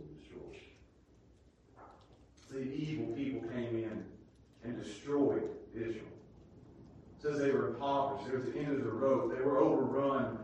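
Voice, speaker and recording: A man preaching a sermon with great passion, dropping to a hush and then climbing to a shout. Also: mid-range voice, muffled recording. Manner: impassioned preaching that swings from hushed to shouting. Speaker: pastor. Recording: echoey hall, distant mic, faint hiss.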